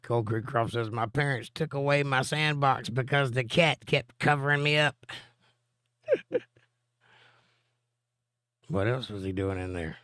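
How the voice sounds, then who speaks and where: A man's voice: mid-range voice, a little slow, pauses often, sharp tone, clear, resonant tone, no echo, studio quality. A middle-aged man, hosting a live stream and reading viewer comments aloud with a joking, chatty manner. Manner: joking, chatty, answers chat directly.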